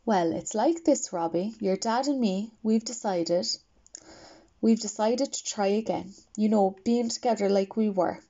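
A woman reading the part of a tender, apologetic mother in an audiobook, soft and reassuring, on a dull lo-fi recording. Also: medium pitch, a little slow.

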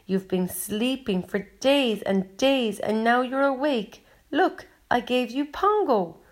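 A woman's voice: fairly high pitch, animated, slow pace. A woman reading an audiobook, voicing an earnest, chattering little girl.

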